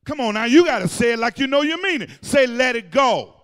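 A male pastor preaching to his congregation, his voice pitched strikingly high. He drives the sermon with call-and-response, at times shouting and at times half-singing his lines. The sound rings with the long reverb of a church sanctuary. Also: lively intonation, quick pace, clean tone, some chatter behind.

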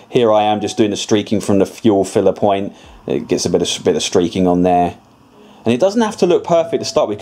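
Easygoing man with a mellow, low voice. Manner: rambling, chatty, self-correcting, with many restarts. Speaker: scale model builder. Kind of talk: casual voice-over tutorial.

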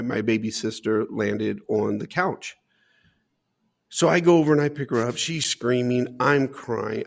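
A man's voice: medium pitch, creaky. A man as an interview guest, telling a personal life story in an earnest, emphatic way with frequent "man" asides.

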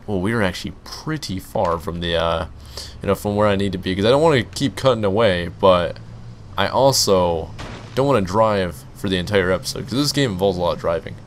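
A man's voice: lowish voice, slight background noise. A young man commenting on his own gameplay, rambling and breaking into panicky outbursts. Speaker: gaming YouTuber. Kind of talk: let's play commentary.

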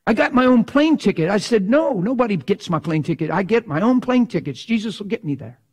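A middle-aged man preaches a sermon passionately and with animation, sometimes acting out voices for effect. His voice is high, brisk and husky.

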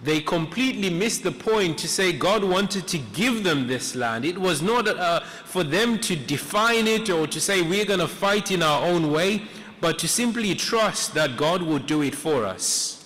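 Earnest preacher in an echoey church. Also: male voice, high-pitched, expressive, a bit bright. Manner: earnest, reflective storytelling with pauses. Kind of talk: sermon. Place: church sanctuary.

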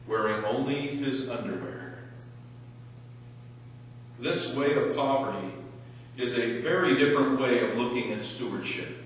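Male pastor, slow halting sermon delivery, mid pitch, distant mic in a large reverberant sanctuary. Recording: echoey church hall, mic far off.

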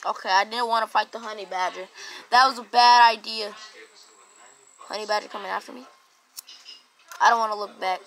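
A woman's voice: fairly high pitch, normal speed, pauses often, a bit bright, low-quality recording. A young woman giving casual, jumpy commentary while playing a video game, often yelping when startled. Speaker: gaming vlogger.

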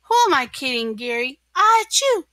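A woman reading a storybook aloud and voicing an excitable young male sea sponge who is sick, with high squeals and loud sneezes. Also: measured pace, no room sound, studio quality, heavily acted. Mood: anxious.

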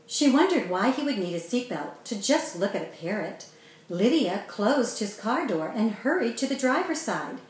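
A woman author reading her children's story aloud in a steady, clear way. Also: fairly high pitch, moderate pace. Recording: very echoey room.

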